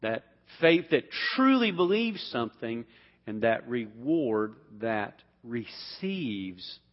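A man leading an interactive Bible class, asking the group questions and often restarting his sentences. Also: mid-range voice. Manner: asks questions, repeats words, restarts often. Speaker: Bible teacher. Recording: dull sound with long hall reverb.

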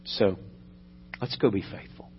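A man, a pastor praying and then telling a joke, an animated storyteller. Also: unhurried. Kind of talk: sermon with prayer and a joke. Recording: dull sound with long reverb in a hall.

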